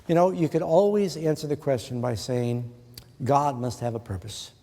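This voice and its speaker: A man's voice: mid-range voice, moderate pace, warm tone. A middle-aged man preaching a sermon in an earnest way, putting questions to his listeners. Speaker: pastor. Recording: long hall reverb.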